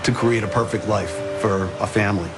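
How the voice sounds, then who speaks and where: A middle-aged man, a bereaved father, speaking quietly and reflectively in a documentary interview. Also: lowish voice, a little fast, loud music behind the voice. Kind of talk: documentary interview, personal account.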